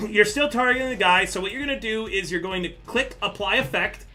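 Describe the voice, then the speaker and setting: Brief: male game master, high and very bright voice, laughs a lot while narrating. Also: normal speed, soft background music. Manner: animated, laughs often between rules explanations. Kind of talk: running a tabletop game on a live stream.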